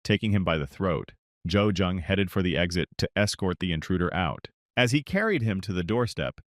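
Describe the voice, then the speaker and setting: A man narrating a story recap in a steady, scripted storytelling style. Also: low voice, no echo, clean studio sound.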